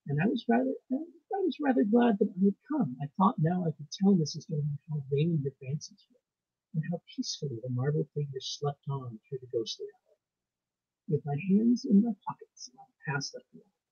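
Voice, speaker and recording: A man reading his ghost story aloud with a measured, suspenseful delivery and pauses. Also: on the high side, animated, vocal fry, slightly rough, no echo. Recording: muffled lo-fi recording.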